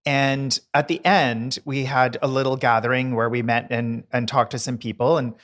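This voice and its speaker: A man's voice: mid-range voice, fairly even intonation, normal speed, a bit bright. A middle-aged man co-hosting a podcast, telling stories in a casual, talkative way. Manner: chatty raconteur, playful voice impressions. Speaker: podcast co-host, decorator. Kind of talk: casual chat.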